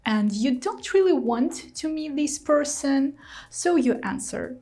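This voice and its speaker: Slow-speaking Russian-accented woman teacher. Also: high-pitched, lively intonation, warm tone. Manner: patient, explanatory. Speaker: language teacher. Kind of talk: video lesson explaining idioms.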